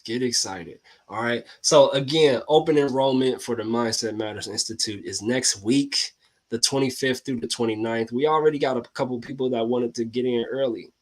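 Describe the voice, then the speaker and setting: An excitable man hosts a casual talk to his viewers in a loose, slangy way. He laughs often and keeps calling out to the audience. His voice sits at an everyday pitch for a man. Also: normal speed. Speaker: host.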